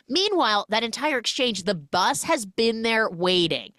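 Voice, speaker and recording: Animated woman recapping a film. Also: fairly high pitch, a little slow, no echo, clean studio sound. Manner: animated storytelling, acts out the characters. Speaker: podcast host.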